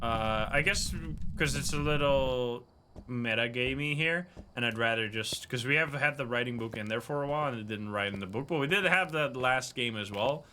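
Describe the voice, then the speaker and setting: A man streaming a ghost-hunting game, chatting casually, mumbling then bursting into loud excited outbursts and swearing. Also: medium pitch, moderate pace, slight background noise. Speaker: streamer playing a horror game. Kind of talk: casual livestream commentary.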